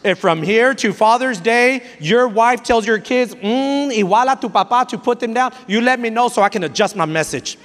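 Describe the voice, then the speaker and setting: A man's high, bright voice rings out in an emphatic sermon, exhorting his listeners with repeated lines and a few Spanish phrases. He drives his points home with direct, playful asides. The sound carries the long reverb of a church hall. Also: normal speed, few pauses. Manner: emphatic, repetitive preaching that mixes in Spanish phrases. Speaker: pastor. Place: church sanctuary.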